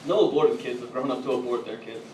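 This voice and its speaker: A man doing a stand-up comedy routine on a club stage, telling edgy jokes and bantering with the crowd, at times getting loud. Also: mid-range voice, quick pace. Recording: echoey, distant, noisy live room.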